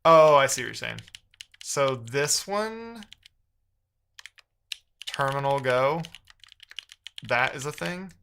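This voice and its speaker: A man talks through a live coding stream in an exasperated, half-muttered way, reading viewers' messages aloud as he works. His voice has a bright, sharp edge and sits at an ordinary pitch. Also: big pitch swings, slow pace, creaky, pauses often, slight background noise.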